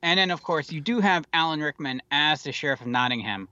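Wry rambling man, bright dull-toned sound. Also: on the high side, animated, fairly quick, no room sound. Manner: rambling, wry and profane, with many fillers. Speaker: podcast co-host. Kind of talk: casual movie chat.

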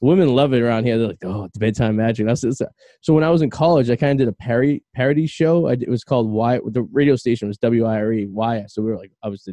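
A Boston man hosts a podcast in quick, rambling, jokey bursts. His voice sits on the mellow, darker side, and the sound is dry and close. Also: medium pitch, dry recording. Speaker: podcast host. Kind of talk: casual podcast chat.

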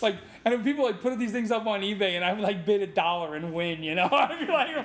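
A middle-aged man, tagged "New", appears as a podcast guest and tells casual stories as a martial arts instructor. His voice is high, and he's chatty, animated, quick to laugh, and swears casually.

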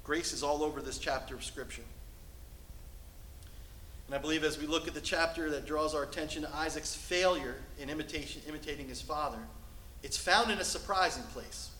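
Animated preacher, bright voice in echoey hall. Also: male voice, fairly high pitch, fairly quick, a little hiss or hum. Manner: animated preaching that swings from loud to hushed. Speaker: pastor. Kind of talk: sermon. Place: church sanctuary.

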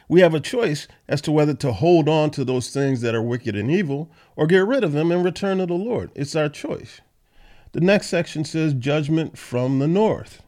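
A man's voice: medium pitch, a little mellow. A man hosting a Bible study podcast who reads verses aloud and then explains them in a plain, conversational way. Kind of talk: reading scripture and explaining it.

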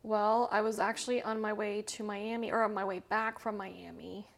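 A woman's voice: mid-range voice, fairly even intonation, moderate pace, gravelly. A woman in her fifties from Central America, a guest telling her story in a casual, chatty way, full of fillers and light laughs. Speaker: interview guest.

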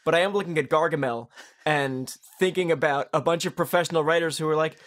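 A man co-hosting a casual comedy podcast, reacting with quick incredulous interjections. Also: fairly high pitch, a bit bright. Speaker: podcast co-host.

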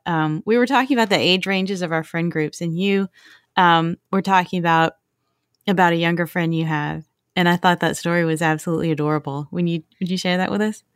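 A woman's voice: fairly low pitch, dry recording, clean studio sound. A woman hosting a casual conversation, reflective and encouraging. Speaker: host. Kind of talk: casual interview chat.

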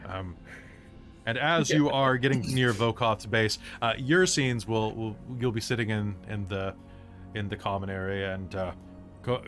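A man's voice: on the low side, normal speed, over music. A man running a live tabletop game as game master, rambling with lots of restarts. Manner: rambling, full of restarts and fillers.

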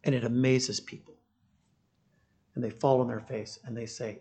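A man preaching a sermon with passion, swinging from loud declarations to quiet, wry storytelling. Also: medium pitch, flat delivery, moderate pace, gravelly. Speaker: pastor.

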